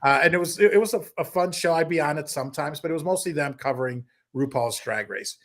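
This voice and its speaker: A man, a comedian guest on a podcast, telling stories in a lively, casual way and breaking into impressions. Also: a little high, fast. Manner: animated storyteller, slips into impressions. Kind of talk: casual interview storytelling.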